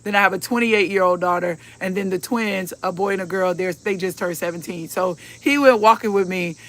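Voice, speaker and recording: A woman's voice: medium pitch, fairly quick, fairly bright tone. A woman in her fifties hosting a casual livestream, chatting in a folksy way and calling her viewers y'all. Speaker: host of a livestream.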